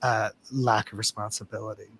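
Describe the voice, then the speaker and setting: A man's voice: lowish voice, flat delivery, fairly quick, a bit bright, a little hiss or hum. Candid wry man on a video call. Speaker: guest. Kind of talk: casual livestream chat.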